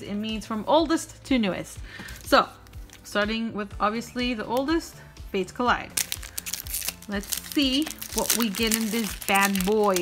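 A woman opening trading card packs on camera in a chatty, self-joking way, breaking into gasps of excitement. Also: medium pitch. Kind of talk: casual pack-opening chat.

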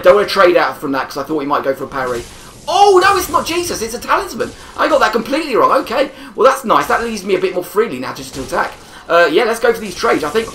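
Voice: medium pitch, fairly bright tone, a little hiss or hum. A gamer talks through an online match in a loose, rambling way, often breaking into laughter. The voice sits in a middling register and carries a noticeable room echo. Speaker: gameplay commentator. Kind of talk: casual gameplay commentary. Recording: roomy echo.

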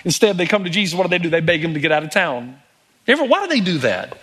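Man, pastor, sermon delivery; higher pitch, lively storyteller who acts out quotes. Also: fast talker, husky.

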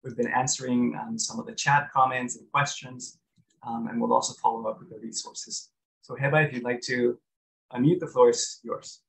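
Flat-voiced, gravelly man moderating. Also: medium pitch, normal speed, low-quality recording. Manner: polite, with frequent "um" fillers. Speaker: webinar moderator. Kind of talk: moderating a webinar.

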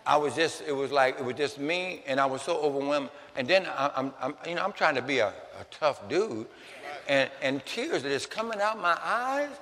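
Bright high-voiced male pastor, hall reverb. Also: animated, moderate pace. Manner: repeats words and restarts, rising to shouts. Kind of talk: storytelling sermon. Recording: long hall reverb, faint noise.

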